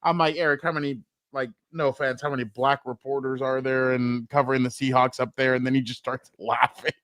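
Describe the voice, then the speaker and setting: A man co-hosting a casual sports talk show, telling stories with animated, profane banter and acting out quotes. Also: mid-range voice, brisk, no echo, studio quality. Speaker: co-host.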